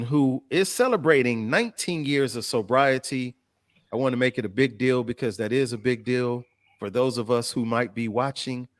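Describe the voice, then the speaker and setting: A man hosting a casual live-stream chat. He sounds animated, laughs a lot and reads viewer comments aloud. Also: mid-range voice, dry recording, clean studio sound. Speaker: host.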